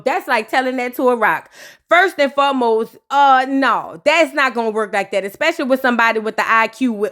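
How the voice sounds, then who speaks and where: A woman's voice: high-pitched, a bit bright. A woman giving a sassy, playful comedic recap of a reality show. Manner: sassy, playful, switches into character voices. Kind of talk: comedic recap with acted-out quotes.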